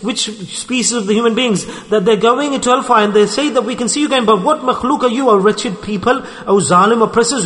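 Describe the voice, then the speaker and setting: Male preacher, high voice, impassioned and repetitive, soft to loud swings. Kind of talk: sermon. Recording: long reverb of a hall.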